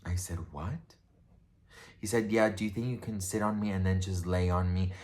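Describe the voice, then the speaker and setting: A man's voice: low-pitched, fairly even intonation, a little fast, a little mellow. A man vlogger telling a personal story in a casual, rambling way, full of fillers and restarts. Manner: rambling, filler-heavy, chatty.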